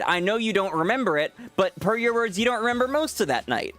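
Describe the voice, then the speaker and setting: A man's voice: high-pitched, lively intonation, fairly quick, few pauses, fairly bright tone, faint music behind. A man streaming a game and chatting with viewers, teasing them, swearing freely and laughing often. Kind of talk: casual live-stream chat with viewers.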